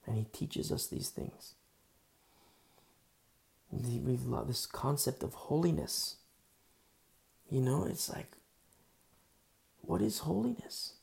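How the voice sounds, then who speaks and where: A man's voice: mid-range voice, gravelly, a little mellow. A man preaching a conversational sermon in a casual, earnest way, full of fillers. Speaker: pastor.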